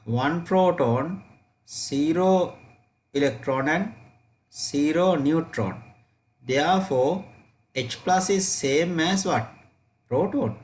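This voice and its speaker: A man teaching an online chemistry revision class, repeating key points and checking students' answers aloud. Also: fairly high pitch.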